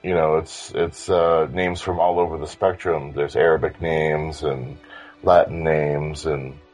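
A man with a low voice talks eagerly in a casual fan discussion. He circles around his points with restarts and filler words, clearly enjoying the subject. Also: fairly even intonation, a little slow, a little mellow, soft background music. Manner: enthusiastic, rambling with many restarts.

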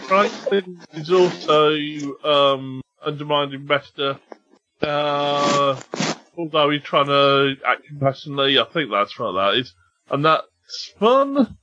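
Brief: hesitant UK man, a bit higher-pitched, on a slightly dull call line. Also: takes it slowly, pushed and bright. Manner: hesitant, many ums, apologetic self-corrections. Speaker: podcast co-host reading listener emails. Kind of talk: casual chat.

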